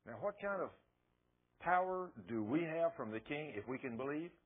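A preacher man delivers his sermon in a husky, slightly high voice that swings up and down. He tells stories and acts out the dialogue in them. The sound is thin and tinny, like a radio broadcast over a phone line. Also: expressive, normal speed. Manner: storytelling, acting out quoted dialogue.

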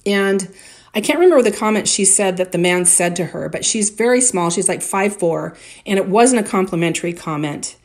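A woman's voice: mid-range voice, expressive, moderate pace. A woman giving career advice to women in a direct, conversational way, with anecdotes and tips. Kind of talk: motivational advice talk.

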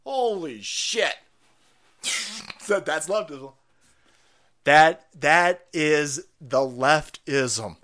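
A man's voice: on the high side, expressive, extremely slow, pauses often, fairly bright tone. A man giving sarcastic, foul-mouthed live-stream commentary in a mocking, ranting manner.

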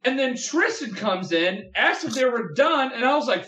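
A young man telling a rambling, profane story on a podcast, full of fillers and animated outbursts. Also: high voice, moderate pace, hardly any pauses, echoey room, poor audio. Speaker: podcast guest. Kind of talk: casual storytelling chat.

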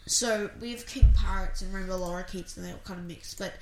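A woman's voice: medium pitch, steady tone, a little fast, a little hiss or hum. A woman co-hosting a podcast, telling stories in a rambling, casual way. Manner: rambling, lots of fillers and restarts. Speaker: podcast co-host. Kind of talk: casual chat. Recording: echoey home room.

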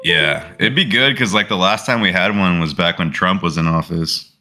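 A man's voice: low-pitched, normal speed, bright, forceful tone. A man co-hosting a podcast, chatting loosely with profane jokes. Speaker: podcast co-host. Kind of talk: casual chat.

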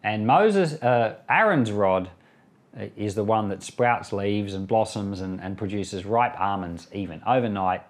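A man's voice: on the low side, animated, unhurried. Pastor guy reading the bible then chatting about it, voice goes up and down a lot. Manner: conversational, acts out quoted voices. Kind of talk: Bible reading with spoken commentary.

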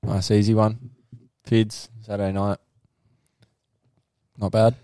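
A man's voice: fairly low pitch, level tone, slow pace, warm tone, clean tone, no echo. A young man on a casual podcast, chipping in with short dry remarks. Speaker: podcast co-host. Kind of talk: casual pub chat.

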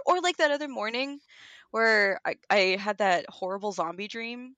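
Woman, podcast co-host, casual chat, animated storytelling, frequent swearing and laughter, dry close sound. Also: medium pitch, a little fast, no echo.

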